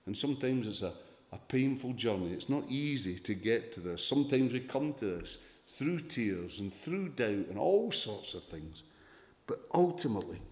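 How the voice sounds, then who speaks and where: A pastor preaching a sermon, earnest, swelling for emphasis and dropping soft. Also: male voice, medium pitch. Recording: echoey hall reverb.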